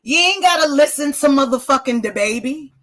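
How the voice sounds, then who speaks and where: A woman's voice: high-pitched, expressive, a little fast, a bit bright. A woman hosting a casual livestream, rambling and swearing freely as she answers her viewers' chat. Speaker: livestream host.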